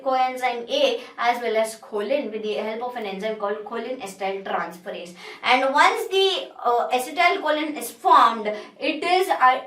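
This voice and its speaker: A woman's voice: high-pitched, a bit bright. A woman with an Indian English accent giving a pharmacology lecture, explaining step by step and often restating her points. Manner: explanatory, repeats and restates herself. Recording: echoey room, distant mic.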